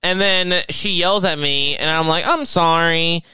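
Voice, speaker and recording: A man's voice: high-pitched, unhurried, bright, forceful tone, clear, resonant tone, dry recording. A man from Long Island co-hosting a podcast, teasing his brother in casual chat and laughing often as he tells stories. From Long Island, New York. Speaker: podcast co-host.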